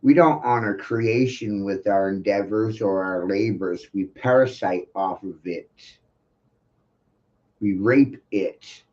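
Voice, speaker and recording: A man's voice: on the low side, slow pace, a little mellow, dull audio. A man ranting in an intense, profane monologue full of rhetorical questions.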